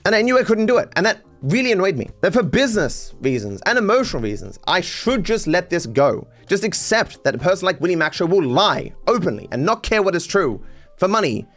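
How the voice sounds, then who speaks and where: Halting male commentary narrator. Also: sits high, very animated, a bit bright, faint music behind. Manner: halting, self-correcting, plain. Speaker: commentary channel host.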